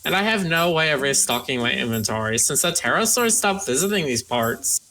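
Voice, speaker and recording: A woman's voice: deep voice, expressive, brisk, pushed and bright, faint music behind, exaggerated voice, poor audio. A woman voicing a friendly, motherly female pharmacist who calls others darling and hon, reading game dialogue aloud on a live stream. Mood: warm, chatty.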